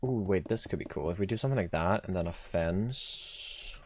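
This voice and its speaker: Man, Swedish accent, live streamer, laid-back chatty thinking aloud, somewhat low voice, dry close mic. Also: normal speed, no room sound. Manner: thinks aloud, chatty, reads chat and answers viewers. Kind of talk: casual live-stream chat while building.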